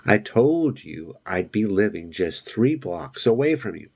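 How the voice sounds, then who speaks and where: A man's voice: fairly low pitch, very animated, a little slow, gravelly, darkish tone, exaggerated voice. A man reading aloud and voicing a fearless, teasing young girl from a storybook, raising his voice into a pushy, upbeat tone.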